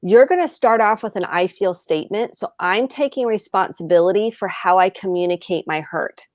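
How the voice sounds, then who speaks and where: A woman therapist calmly explaining in a video call conversation, acting out short example exchanges. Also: mid-range voice, moderate pace, dry recording, clean studio sound. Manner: calm explaining, acts out example dialogue.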